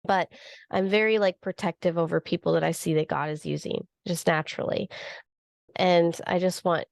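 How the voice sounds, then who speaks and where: A woman's voice: lowish voice, steady tone, moderate pace, creaky, dry recording. A woman hosting a podcast, speaking earnestly and encouragingly in a casual faith-based chat, with many "like" fillers. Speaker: podcast host.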